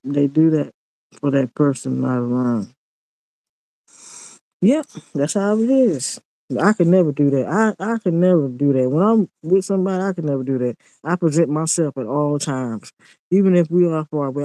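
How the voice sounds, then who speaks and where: A man's voice: fairly high pitch, lively intonation, moderate pace, dark tone, no echo, low-quality recording. A man, ranting in a casual monologue vlog, blunt and preachy and repeating himself.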